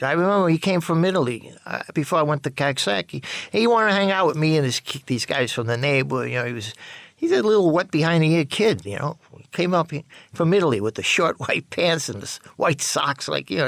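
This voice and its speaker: An older man tells his past in a rambling, profane, halting way. His voice is rough and gravelly. He sounds close and dry, with no room at all. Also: mid-range voice, fairly bright tone, no echo. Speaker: interviewee. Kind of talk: personal storytelling.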